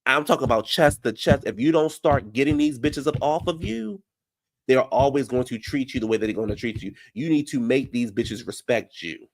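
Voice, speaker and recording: A man giving brash, profane reality TV recap commentary, heated and animated. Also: medium pitch, normal speed.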